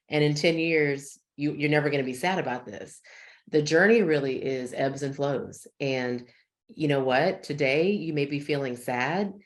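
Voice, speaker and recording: Brief: deep-voiced woman psychologist, calm and reassuring, talking over a video call. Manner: warm, reassuring, measured explanations. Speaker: psychologist guest. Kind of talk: expert interview, conversational.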